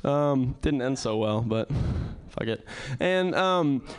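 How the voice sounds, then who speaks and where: A man doing a rambling, crude stand-up set with deadpan asides on a comedy club stage. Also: mid-range voice, slow, clean tone.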